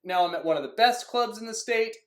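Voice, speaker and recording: A man's voice: sits high, brisk. A man who coaches youth soccer, talking casually and acting out past conversations. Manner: animated storytelling, acts out conversations; frequent "like" fillers. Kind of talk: casual monologue. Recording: echoey room.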